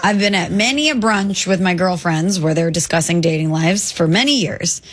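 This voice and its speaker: A woman's voice: fairly low pitch, moderate pace. A woman co-hosting a sports radio show, arguing her side with teasing remarks. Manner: teasing, argumentative. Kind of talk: casual radio banter.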